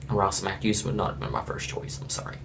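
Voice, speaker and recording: A man from Florida talks through a reality show episode in a loose, opinionated way, drifting between points and chuckling at his own asides. His voice sits low and carries a gravelly rasp. A faint hiss of noise runs under the recording. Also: expressive, a little fast. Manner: blunt, rambling, chuckling asides. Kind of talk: casual opinionated review.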